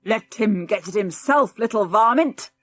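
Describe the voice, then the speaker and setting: A woman voicing a cantankerous old great-grandfather who talks in a gruff, barking way, in a storybook reading. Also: mid-range voice, expressive, measured pace, fairly bright tone.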